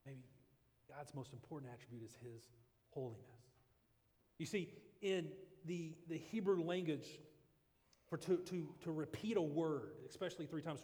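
Male pastor, higher-pitched, earnest halting sermon delivery, reverberant hall. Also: darkish tone. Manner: earnest preaching with repeated restarts.

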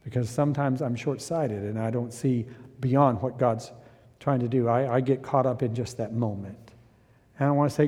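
A middle-aged man preaching a sermon, moving from quiet reflection to loud, impassioned preaching. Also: mid-range voice, fairly even intonation, moderate pace, slightly rough, in a large hall. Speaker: pastor.

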